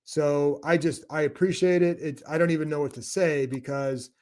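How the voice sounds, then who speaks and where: A man's voice: on the high side, fairly even intonation, moderate pace, darkish tone. A man in his fifties from Cleveland, hosting a casual podcast chat, rambling and emotional, with many restarts and self-deprecating jokes. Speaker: host, team beat reporter.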